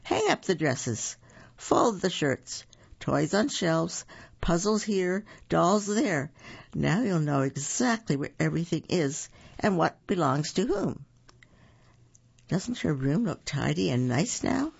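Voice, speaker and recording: Reader doing a high, eager little wolf pup, lively swoops, slightly husky, storybook read-aloud. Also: slow pace, full character voice. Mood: helpful. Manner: eager, bright and chirpy. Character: cheerful polite young male wolf pup. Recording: dull lo-fi recording.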